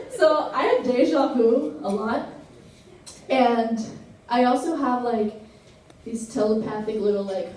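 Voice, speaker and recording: High-voiced young woman on a club stage. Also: mellow, slight background noise. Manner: chatty and rambling, peppered with "like" and laughs. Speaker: singer-songwriter performing live. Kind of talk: between-song stage banter. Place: small club stage with tables. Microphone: stage microphone. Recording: roomy live club sound from far off with band music.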